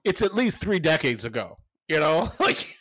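Swearing freely, this middle-aged man co-hosts a podcast and spins animated stories in relaxed conversation. He speaks at a moderate pace in a fairly high voice, recorded without room sound.

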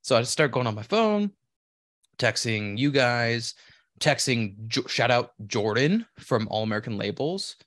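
A man's voice: mid-range voice, big pitch swings, measured pace, a bit bright, no echo, clean studio sound. A man co-hosting a podcast, rambling through a story in casual, profane and self-deprecating chat. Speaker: podcast co-host.

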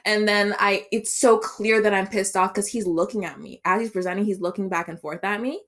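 A woman's voice: medium pitch, fairly quick. Young woman telling a story with swears. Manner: animated storytelling with swearing and laughter. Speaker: podcast co-host. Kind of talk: casual chat.

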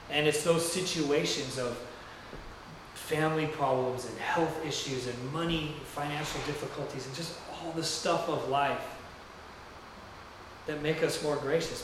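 Preaching in a church sanctuary, a male pastor with a slightly high voice tells a rambling story loosely and conversationally. The recording has background noise and comes from a distance in a very echoey room.

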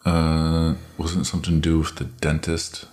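Very deep-voiced man chatting. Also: monotone, moderate pace, darkish tone. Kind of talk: casual chat.

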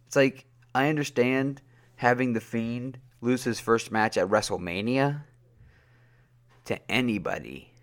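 A man hosting a casual wrestling review podcast, rambling with many fillers and getting worked up. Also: a little slow. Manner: rambling, filler-heavy, gets worked up with high-pitched outbursts. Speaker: podcast host.

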